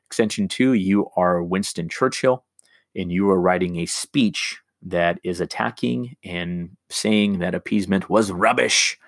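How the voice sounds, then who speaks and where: A man's voice: sits low, measured pace, dry recording, clean studio sound. A man teaching a recorded remote lesson, explaining an assignment step by step with many ums and restarts.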